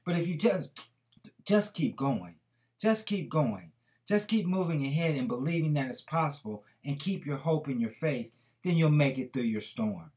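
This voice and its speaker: A man voicing a calm, reassuring father who speaks softly and steadily. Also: a little high, moderate pace, lightly acted. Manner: calm, soft-spoken.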